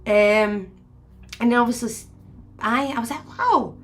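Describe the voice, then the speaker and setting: A woman's voice: fairly high pitch, steady tone, normal speed, a little hiss or hum. A woman in her forties chatting casually to viewers, rambling and laughing often as she retells conversations. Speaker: spiritual medium host.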